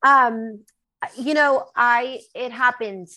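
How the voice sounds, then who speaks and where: A woman's voice: on the high side, steady tone, takes it slowly, bright, forceful tone, poor audio. A woman singer-songwriter being interviewed, talking candidly and emotionally in a rambling way with many fillers.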